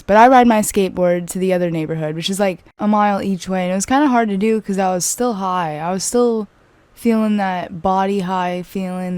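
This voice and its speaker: A young woman vlogger casually telling a personal story, chatty and animated, full of "like" fillers. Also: medium pitch, clean tone, no room sound.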